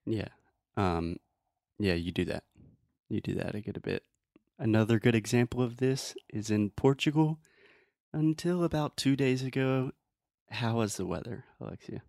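A man teaching English pronunciation in a relaxed, friendly chat, often demonstrating sounds. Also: medium pitch, moderate pace, creaky, long pauses, no room sound, studio quality.

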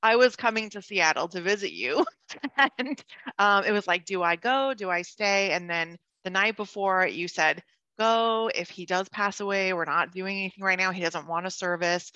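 Bright, earnest woman telling a family story. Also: mid-range voice, moderate pace, smooth, dry recording, lo-fi sound. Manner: earnest, emotional retelling with frequent laughs and restarts. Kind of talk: casual conversational storytelling.

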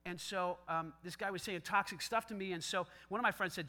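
A man's voice: sits high, fast, hardly any pauses. A middle-aged male pastor preaching a sermon, telling stories and acting out quoted voices. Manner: animated storytelling with quoted voices.

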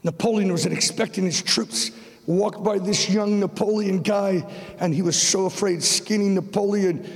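A man preaching a sermon with passion, his voice surging up to shouts. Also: sits high, steady tone, normal speed. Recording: long reverb of a large hall.

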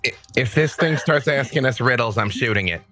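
A man's voice: mid-range voice, animated, a little fast, sharp tone, faint music behind. A man playing in a tabletop game, making wry jokes. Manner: wry, joking. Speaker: player. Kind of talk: casual tabletop play.

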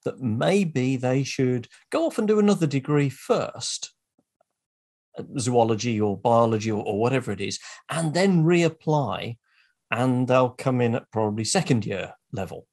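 A man's voice: medium pitch, lively intonation, measured pace, a little mellow. An older man hosting an interview, asking prompting and teasing questions in casual chat. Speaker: podcast host, vet.

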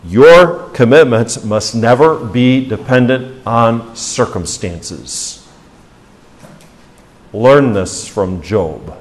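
A male pastor preaching a sermon with emphasis, rising for stress, dropping low at the ends of phrases and asking the congregation rhetorical questions.

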